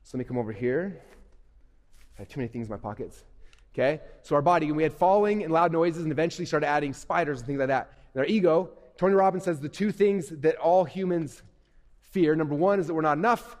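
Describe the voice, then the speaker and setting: Fast-talking man on a stage in a hall. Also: fairly high pitch. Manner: animated, acts out inner voices, asks the audience questions. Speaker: speaker at a youth event. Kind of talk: energetic stage talk to kids. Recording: long hall reverb.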